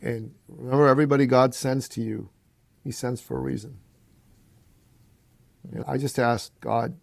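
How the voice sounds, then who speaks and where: Here a male podcast guest shares a story from his life at a moderate pace, with vocal fry and frequent pauses and no room sound. He's animated, swinging his pitch widely to act out the people he quotes, and keeps calling the listener "brother."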